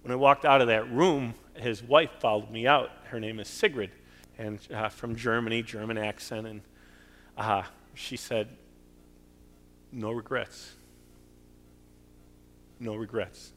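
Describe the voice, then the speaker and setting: Middle-aged pastor, earnest pleading sermon delivery, average pitch, long church reverb. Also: male voice, fairly even intonation, moderate pace, a bit bright. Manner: earnest, pleading preaching with swells of emphasis. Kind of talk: sermon with closing prayer. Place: church sanctuary.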